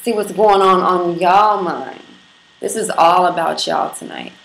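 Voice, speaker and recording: With a fairly low, creaky voice, she's animated but a little slow as she hosts a casual livestream. The Brooklyn woman is brash, profane and playful, speaking directly to viewers from an echoey apartment room with faint background noise.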